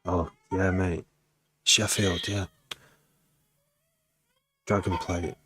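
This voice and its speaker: A man's voice: deep voice, flat delivery, very slow, a bit bright. A man from Cheshire chatting casually and rambling with asides while he streams a music production session. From Cheshire, England. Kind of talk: casual livestream chat.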